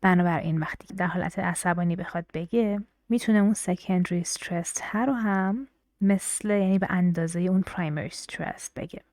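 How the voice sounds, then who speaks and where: A woman's voice: on the low side, very fast, a little mellow, dry recording. Female teacher, first language Persian, patient explainer, dry close mic. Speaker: English teacher. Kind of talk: classroom explanation.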